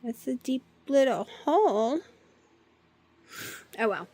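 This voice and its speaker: A high-voiced woman talks slowly and casually to her camera at home, drifting into cooing baby talk for her cats. The sound is dry and close, with no room echo. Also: expressive, darkish tone, slightly rough. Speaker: vlogger.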